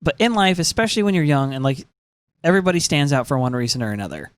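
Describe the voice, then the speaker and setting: A podcast co-host recapping an anime episode in casual, quick, filler-heavy chat. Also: mid-range voice, very animated, no room sound.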